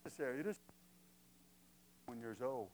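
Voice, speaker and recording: A man's voice: mid-range voice, lively intonation, moderate pace, a little mellow, slight background noise, low-quality recording. A man preaching a sermon as pastor, conversational and emphatic, asking the congregation rhetorical questions.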